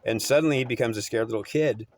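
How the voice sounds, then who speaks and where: A man's voice: mid-range voice, fast. A man telling a story in a rambling, repetitive way, often restarting and correcting himself. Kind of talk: oral storytelling.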